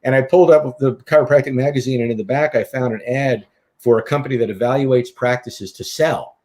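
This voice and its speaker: A man's voice: mid-range voice, brisk. A middle-aged man speaking as an interview guest, in a mid-range voice. He talks casually and animatedly, building his anecdotes with energy. His style is that of a practiced stage performer chatting on a show. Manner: lively, animated storyteller who acts out quotes. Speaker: interview guest, author and hypnotist.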